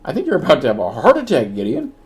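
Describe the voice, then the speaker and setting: A man's voice: mid-range voice, wildly swooping pitch, fast talker, a little hiss or hum. A man hosting comedic gaming banter, teasing and explaining in a wry way. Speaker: host.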